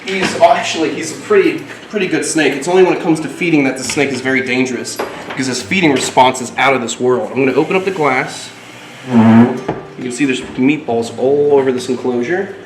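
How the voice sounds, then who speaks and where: A man hosting a casual vlog as a reptile keeper, often cooing at his snakes in a high, excited voice. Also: fairly quick, background noise. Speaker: reptile keeper and channel host. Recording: roomy, distant, music behind.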